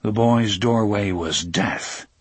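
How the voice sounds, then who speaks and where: Casting: male audiobook narrator, steady and even, husky voice, dry close sound. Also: on the low side, takes it slowly, no echo. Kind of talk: scripted narration.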